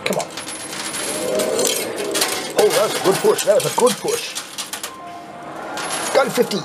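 An Australian man hosting a coin pusher channel, chatting casually and swearing when excited as he plays. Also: high voice, measured pace, very noisy. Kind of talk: casual commentary while playing. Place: arcade coin pusher machine.

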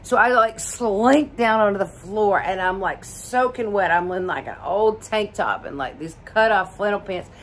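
A woman's voice: mid-range voice, moderate pace, few pauses, fairly bright tone, slight background noise. A middle-aged woman from Alabama telling a story casually, rambling with lots of fillers and laughs. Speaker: vlogger.

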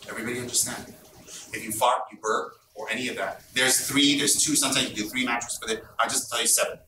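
A man giving an informal Buddhist teaching, telling stories in an animated, blunt and teasing way. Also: medium pitch, fast. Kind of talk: informal dharma talk. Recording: roomy, distant mic, background noise.

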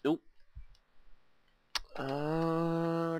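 Rambling gamer man, slow-talking. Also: mid-range voice, expressive, pushed and bright, a little hiss or hum. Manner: rambling, thinks aloud, talks to himself. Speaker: let's play gamer. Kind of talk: casual gameplay commentary.

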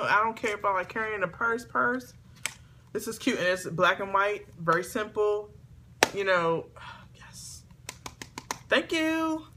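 A woman chatting excitedly to camera as she opens gifts, talking to her viewers at home. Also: fairly low pitch, slight background noise. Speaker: beauty vlogger. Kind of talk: casual unboxing chat to camera. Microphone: camera on a tripod.

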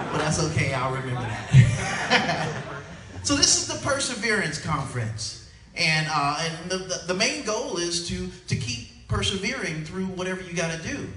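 A middle-aged man performs clean stand-up at a conference, his high, bright voice carrying a forceful tone as he plays with the crowd and acts out voices. The echoey hall makes him sound distant, with the live audience audible and slight background noise.

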